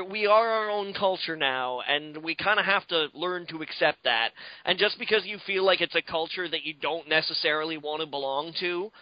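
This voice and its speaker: Guy on a podcast, kinda high voice, rambles and swears, muffled dry lo-fi audio. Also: no room sound. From Canada. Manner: rambling, profane, animated. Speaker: podcast co-host. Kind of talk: casual podcast chat. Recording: dull lo-fi, dry.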